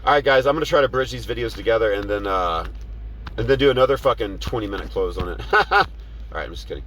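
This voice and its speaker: A man's voice: on the low side, quick pace, a little hiss or hum, rough recording. A man who drives for rideshare apps, telling a profane story from his car and acting out heated arguments in a raised voice. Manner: animated, swearing, acts out heated quotes in a raised voice.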